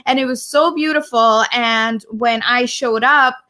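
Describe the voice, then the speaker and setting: A woman's voice: a little high, a little slow. A woman co-hosting a podcast, chatting in a heartfelt, gushing way and laughing easily. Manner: warm, gushing, laughs often. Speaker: podcast co-host. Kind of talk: casual heartfelt chat.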